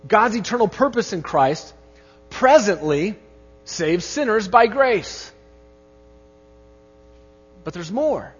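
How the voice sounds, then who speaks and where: A man's voice: high voice, sing-song, unhurried, long pauses, husky, long reverb tail, muffled recording, soft background music. A man preaching a sermon as pastor, opening with a prayer and pressing key phrases with rising emphasis.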